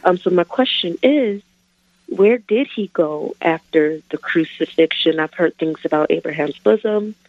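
A woman calling in to a radio show, asking a Bible question hesitantly with many pauses. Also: fairly low pitch, dry recording. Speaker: caller. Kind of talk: call-in question. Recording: dull phone line.

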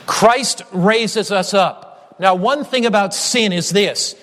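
A man preaching a sermon, emphatic, with repeated phrases and slow, stressed key lines. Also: high-pitched, a bit bright, in a large hall.

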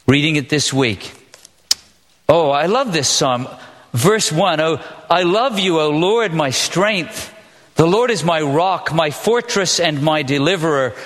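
A man's voice: a little high, fairly bright tone, long reverb tail. A man preaching a sermon, reading scripture aloud and putting questions to the congregation. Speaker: pastor.

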